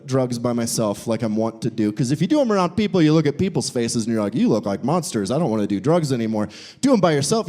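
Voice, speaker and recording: A young man performing a live stand-up set in a brewery, animated and jumping into squeaky voices for his bits. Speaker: stand-up comedian. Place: brewery comedy show.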